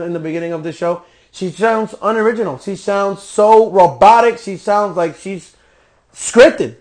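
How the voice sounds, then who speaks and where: A man hosting a podcast, reviewing a wrestling show in a profane, exasperated rant. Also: sits high. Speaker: podcast host.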